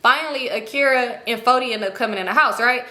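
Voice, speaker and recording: A young woman retelling a story in casual, animated slang, acting out the quoted voices. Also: fairly high pitch, quick pace, reverberant. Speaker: storytime vlogger.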